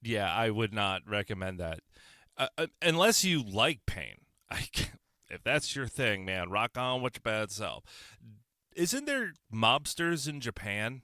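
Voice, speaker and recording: Alone at the mic, this opinion podcast host delivers a sarcastic monologue packed with rhetorical questions. His voice sits on the low side with a sing-song, sharp tone, and his pace is measured. The audio is studio quality with no echo.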